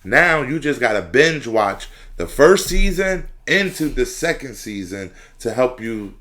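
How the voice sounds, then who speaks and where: A man's voice: medium pitch, big pitch swings, measured pace, fairly bright tone. Male podcast co-host, laid-back casual talker, emphatic when pushing a point. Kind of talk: casual chat.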